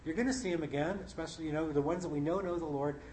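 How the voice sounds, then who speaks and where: A man's voice: on the high side, racing, darkish tone, slight background noise. A middle-aged man giving an informal sermon in a conversational, folksy way, reading scripture aloud between his own remarks. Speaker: Bible study leader. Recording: roomy with faint ambience.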